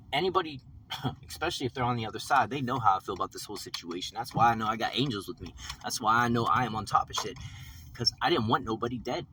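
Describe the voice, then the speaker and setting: A man ranting in a rambling vlog, agitated and profane, repeating himself as he tells his story. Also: medium pitch. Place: in a vehicle after work. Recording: distant mic with faint vehicle noise.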